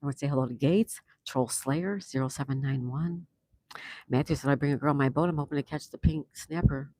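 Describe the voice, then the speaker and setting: A woman's voice: rumbling low, fairly quick, mellow, dry recording. Chatty woman livestream host, dry sound. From Florida. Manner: chatty, greets viewers by name. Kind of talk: casual chat reading viewer comments.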